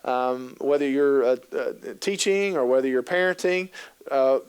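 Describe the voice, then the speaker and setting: A man's voice: mid-range voice, a little slow, clean tone. A man giving a humorous talk on working with youth, telling stories and acting out scenes. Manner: animated, joking, acts out scenes. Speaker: keynote speaker on youth work. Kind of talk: humorous storytelling presentation.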